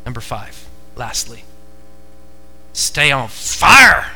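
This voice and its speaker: An American man preaching a sermon to a congregation, emphatic and repetitive, moving between hushed stretches and fervent ones. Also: fairly high pitch, normal speed, a little hiss or hum, low-quality recording. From United States. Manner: emphatic, repeats key phrases, swings from hushed to fervent. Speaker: pastor. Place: church before a congregation.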